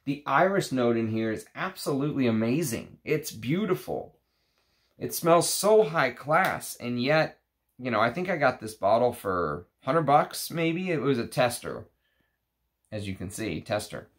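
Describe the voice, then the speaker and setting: A man's voice: mid-range voice, expressive, moderate pace. A man casually reviewing perfumes from his collection, gushing enthusiastically with restarts and fillers.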